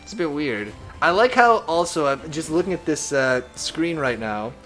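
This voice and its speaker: A man's voice: a little high, normal speed, soft background music. A man live-streaming a strategy game, chatting casually and reading viewer messages aloud. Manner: reads chat aloud, chatty and animated.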